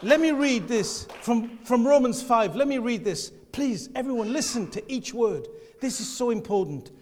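Man, preacher, fervent sermon, swings from soft to shouting, very high voice, echoing hall. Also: animated, normal speed. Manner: passionate, swings between quiet and shouting. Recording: long hall reverb.

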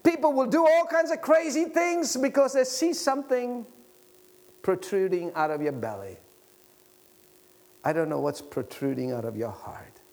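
A man preaching a sermon, swinging from loud exhortation to quiet prayer and chatty stories with the congregation. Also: normal speed. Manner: swings from loud, high exhortation to soft, low intimate prayer; conversational storytelling with congregation asides.

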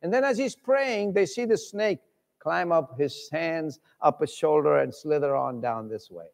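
A man preaching with a fairly high voice that rings through a big reverberant hall. He tells stories with animated delivery and acts out the voices of the people in them. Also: a little slow, gravelly. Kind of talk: sermon storytelling. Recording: long reverb of a large hall.

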